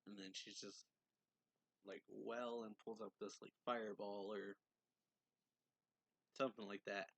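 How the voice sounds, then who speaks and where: Low gravelly man recapping a manga. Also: unhurried, pauses often, dry recording. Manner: relaxed retelling with frequent fillers and chuckles. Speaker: anime and manga reviewer. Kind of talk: casual manga chapter recap.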